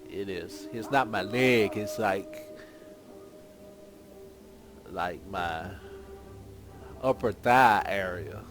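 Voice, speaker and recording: A man's voice: on the low side, takes it slowly. A man giving casual, rambling gameplay commentary as a gaming channel host, thinking aloud as he plays. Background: game music.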